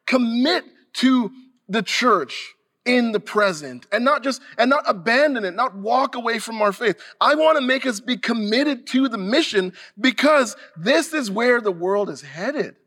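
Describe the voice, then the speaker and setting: A man's voice: extremely high pitch, expressive, a little slow, pushed and bright. A male pastor preaching a sermon earnestly and emphatically, sometimes restarting a phrase.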